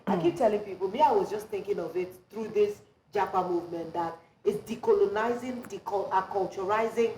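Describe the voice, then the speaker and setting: A woman's voice: mid-range voice, fairly quick, dark tone, slight background noise. A woman co-hosting a studio panel, speaking earnestly and thinking aloud. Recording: roomy studio sound.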